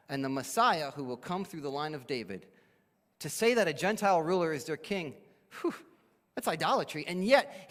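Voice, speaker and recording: A man's voice: a little high, fairly bright tone. A man pastor preaching a sermon, explaining a Bible passage and briefly acting out the people in it. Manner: expository preaching, acts out quoted speakers. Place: church sanctuary. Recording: long church hall reverb.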